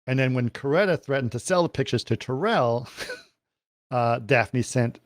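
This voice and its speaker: A man on a film podcast, working through the plot with many ums and restarts. His voice is mid-pitched and ordinary. The recording is dry and close. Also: unhurried, no echo. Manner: hesitant plot recap with many fillers. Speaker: podcast co-host. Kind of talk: casual film discussion.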